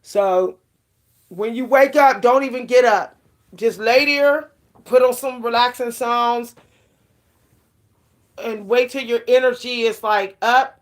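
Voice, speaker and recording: A woman's voice: a little high, steady tone, unhurried, long pauses. A middle-aged woman vlogging casually about self-care, talking frankly and rambling with lots of fillers.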